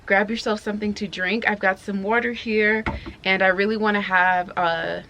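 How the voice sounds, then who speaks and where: A woman's voice: mid-range voice, fairly even intonation, moderate pace, pushed and bright, muffled recording, slight background noise. A young woman from New York vlogging outdoors, chatting candidly to camera with frequent laughs. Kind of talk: casual talk to camera. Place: outdoors near horses and dogs.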